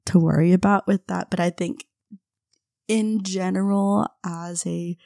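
A young woman hosting a podcast, telling a casual story with frequent laughs and quick impressions of her friends. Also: lowish voice, fairly even intonation, gravelly, warm tone, no room sound, clean studio sound. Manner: chatty, laughs often, mimics friends in quotes. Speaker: podcast host.

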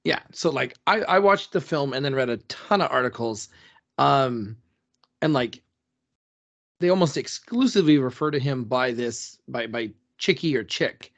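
A man's voice: medium pitch, expressive, moderate pace. A man co-hosting a casual history podcast, retelling a story loosely, with lots of "like" and "um". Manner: rambling storyteller, constant "like" and "um" fillers. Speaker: podcast co-host.

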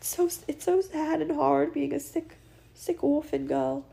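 A woman putting on the voice of a sick, pitiful orphan girl, pleading in a high, whiny, breathy tone. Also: steady tone, unhurried, dark tone, heavily acted. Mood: self-pitying.

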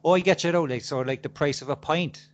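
A man's voice: fairly high pitch, fast, lo-fi sound. A man with an Irish accent joking and telling stories on a casual podcast. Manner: swearing, storytelling, joking. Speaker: podcast co-host. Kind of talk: casual banter.

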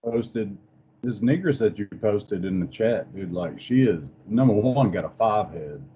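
A man's voice: fairly low pitch, lively intonation, measured pace, mellow, a little hiss or hum. A man co-hosting a casual podcast, cracking punchline jokes, heard through a dull lo-fi remote mic. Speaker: podcast co-host. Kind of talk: casual crude chat.

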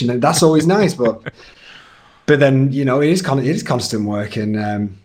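A man's voice: medium pitch, brisk. A man in his thirties with a Northern English accent, chatting casually as an actor guest in an interview, with lots of fillers and restarts. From Northern England. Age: 30s.

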